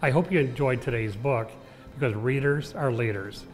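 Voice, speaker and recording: A man reading a rhyming children's book aloud with a lively, rhythmic delivery. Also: medium pitch, normal speed, faint music behind. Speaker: storyteller. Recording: echoey room with long reverb.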